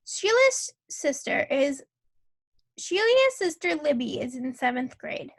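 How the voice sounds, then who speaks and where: A woman reading a children's novel aloud as narrator, telling the story in a clear, measured way. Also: high-pitched, very animated.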